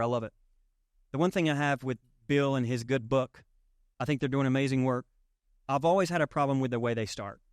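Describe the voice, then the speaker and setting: A man's voice: mid-range voice, smooth, no echo, studio quality. A man preaching a sermon as pastor, conversational and emphatic, with rhetorical questions to the congregation. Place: church sanctuary.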